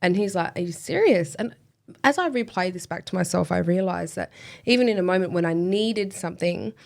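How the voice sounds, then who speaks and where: A woman's voice: fairly low pitch, brisk, gravelly. A woman guest telling a personal story in a casual interview, chatty with lots of fillers and self-deprecating laughs.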